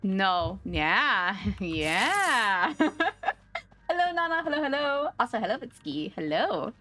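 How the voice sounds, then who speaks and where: A chatty, giggly woman chats through a live game stream, her voice bouncing all over with lively pitch at a middling height. She talks casually and jumps easily at scares. Faint game music plays behind her. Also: slow. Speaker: VTuber streamer.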